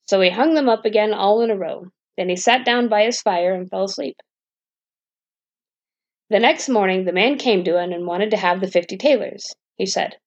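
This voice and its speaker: A woman reading a fairy tale aloud as a bedtime storyteller, in a steady, gentle way. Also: medium pitch, moderate pace, no room sound. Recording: dull dry lo-fi recording.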